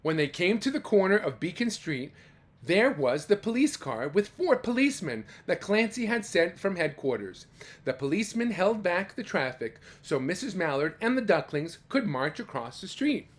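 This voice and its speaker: A man reads a children's storybook aloud in a warmly animated, sing-song way, with a voice that rises and falls widely. He pauses to gasp, exclaim and ask his young listeners questions. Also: sits high. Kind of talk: reading a picture book aloud to children.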